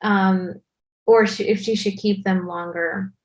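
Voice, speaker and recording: A woman's voice: mid-range voice, fairly even intonation, unhurried, a little mellow. A young woman, a content creator, chatting as an interview guest with a Valley girl way of talking and lots of "like". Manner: Valley girl speech, many "like" fillers. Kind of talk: casual interview chat.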